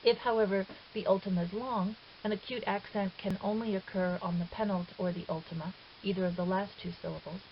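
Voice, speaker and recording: A woman's voice: mid-range voice, fairly even intonation, a little fast, hardly any pauses. A woman teaching Greek in a recorded lecture, patient and methodical, with the odd filler and self-correction. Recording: dull lo-fi recording with faint hiss.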